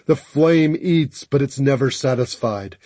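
A man reading an audiobook, voicing a feverish, wounded bandit who mutters slowly in a breathy, husky voice. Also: mid-range voice, mellow, no room sound, voice pushed up, lightly acted. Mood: delirious. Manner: slow, rambling, breathy muttering. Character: delirious wounded male bandit, feverish and haunted.

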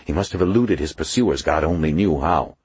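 Husky, deep-voiced male narrator. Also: a little fast, no room sound. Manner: low, husky, lively storytelling voice. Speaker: audiobook narrator. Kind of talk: scripted narration.

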